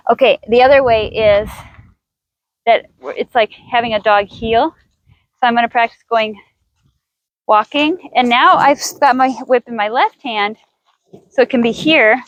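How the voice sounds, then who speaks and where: A woman's voice: fairly high pitch, unhurried, long pauses, dry recording, dull audio. Chatty woman horse trainer outdoors. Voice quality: chatty, thinks aloud with restarts, coaxes horse. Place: outdoor riding arena, storm coming.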